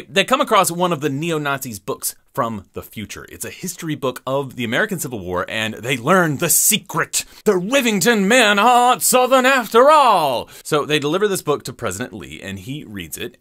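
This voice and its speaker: Joking male book reviewer, sarcastic, animated delivery. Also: medium pitch.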